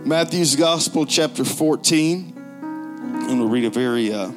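A man in his forties preaching a sermon in a joking, conversational way, low on strength and not raising his voice. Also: unhurried, music in the background. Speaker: pastor.

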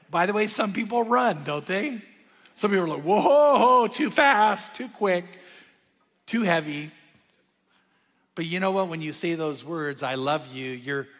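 A male pastor preaching a conversational sermon with bursts of energy and sudden hushed asides. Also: fairly high pitch, long reverb tail.

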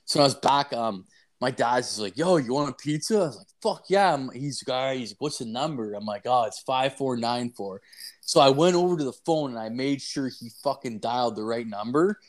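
A man's voice: medium pitch, brisk. A man co-hosting a podcast, telling rambling anecdotes full of swearing in casual chat. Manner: profane rambling storytelling. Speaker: podcast co-host.

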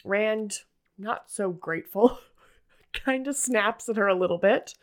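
A woman's voice: medium pitch, slow pace. Woman in a mid-range voice retelling an episode, lots of likes, quoting characters. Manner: lots of "like" fillers, retells scenes with quoted lines. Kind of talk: casual TV recap chat.

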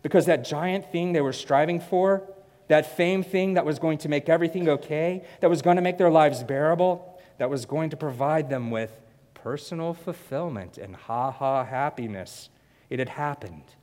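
A man preaching a sermon in an emphatic way, repeating phrases and swinging from loud to hushed. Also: on the high side, normal speed. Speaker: pastor. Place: church hall. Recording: long church-hall reverb.

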